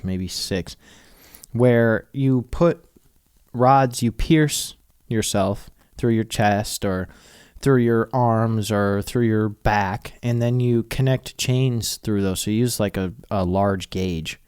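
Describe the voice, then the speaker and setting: A man's voice: lowish voice, a little mellow, clear, resonant tone, no room sound. A young man from Minnesota hosting a casual solo podcast, rambling loosely, swearing freely and laughing often. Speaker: podcast host.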